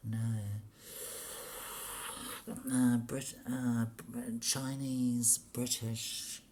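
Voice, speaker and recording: Vlogger, female: very low, slow, gravelly half-whisper; reads aloud, curses nonstop, exasperated. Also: flat delivery, a little mellow, slight background noise. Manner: swears constantly, grumbling and exasperated. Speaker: vlogger reading history pages aloud. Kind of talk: muttered reading aloud with running commentary.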